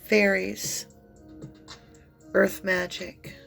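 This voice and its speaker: A woman's voice: mid-range voice, level tone, creaky, fairly bright tone, faint music behind. A woman giving an emotional tarot reading, crying and speaking in a heartfelt, soothing way. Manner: tearful, heartfelt, slow and soothing. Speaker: tarot reader.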